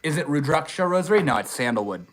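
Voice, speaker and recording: A young man hosting a casual live stream, reading viewer comments aloud in a relaxed, swear-heavy way. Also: a little high, fast, low-quality recording. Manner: laid-back, swears casually, says dude and bro a lot. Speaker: livestream host. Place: outdoors in the desert.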